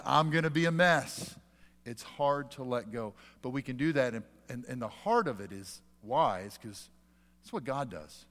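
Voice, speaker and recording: A man's voice: medium pitch, a bit bright. A man in his forties, a pastor preaching a sermon in a church sanctuary, earnest and fond of rhetorical questions. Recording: long hall reverb.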